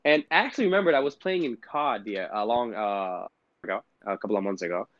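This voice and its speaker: A man's voice: lowish voice, fast talker, no echo. Man in his twenties, casual podcast storytelling, dull lo-fi sound. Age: 20s. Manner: animated storytelling, mimics gamers with profanity. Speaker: podcast co-host. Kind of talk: casual chat. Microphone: podcast microphone.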